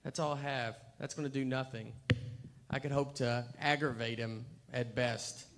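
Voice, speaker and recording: A man performs stand-up in an unhurried, deadpan drawl. He drifts through long, self-mocking stories, trailing off and restarting as he goes. His voice sits at an ordinary, middle pitch for a man. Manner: deadpan, rambling storytelling with self-deprecating asides. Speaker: stand-up comedian. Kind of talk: stand-up comedy.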